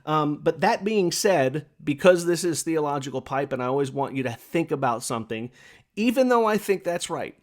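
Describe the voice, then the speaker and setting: Impassioned pipe-smoking man, slightly high. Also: animated, moderate pace. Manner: impassioned, repetitive, preachy; smokes a pipe while talking. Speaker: podcast host. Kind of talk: opinionated monologue.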